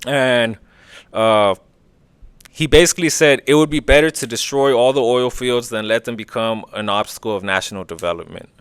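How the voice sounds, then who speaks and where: A man hosting a casual history podcast, opinionated and profane, briefly acting out quick voices. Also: medium pitch, clear, resonant tone, dry recording. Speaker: podcast host.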